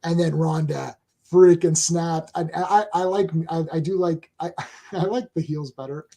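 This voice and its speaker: A man co-hosting a casual chat show, talking excitedly with many restarts and reading viewer comments aloud. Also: fairly high pitch, measured pace, vocal fry. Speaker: co-host.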